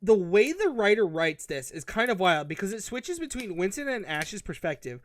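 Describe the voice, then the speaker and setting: A man's voice: sits high, sing-song, normal speed, no room sound. A man hosting a casual comedic book review, rambling and exasperated, swearing freely. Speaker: podcast host.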